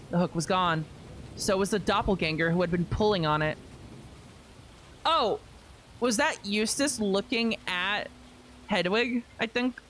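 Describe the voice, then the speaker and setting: A young woman streamer reading a visual novel aloud, expressive, with wry asides. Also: lowish voice, moderate pace, pauses often, a little hiss or hum.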